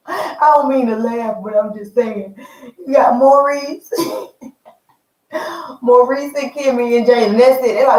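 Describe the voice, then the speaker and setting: A lively woman vlogger chats with her viewers and calls them "y'all" and "honey." Her voice sits a little high. She is some way from the mic in a roomy, echoing space. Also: takes it slowly, pauses often, distant mic. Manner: animated, chatty, addresses viewers as y'all and honey. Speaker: reality TV review vlogger. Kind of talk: casual chat.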